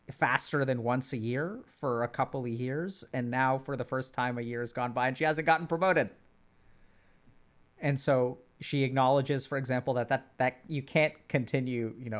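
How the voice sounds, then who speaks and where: Man leading a group check-in. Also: medium pitch. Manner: rambling, many fillers and restarts. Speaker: group therapy facilitator. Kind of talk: casual group session talk.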